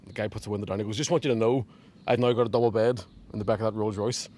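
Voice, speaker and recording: A man's voice: lowish voice, fairly even intonation, very fast, darkish tone, slight background noise. A Northern Irish man, a comedian, chatting casually in a garden, telling a long joke and laughing often as he swears freely. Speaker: comedian guest. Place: outdoors in a garden.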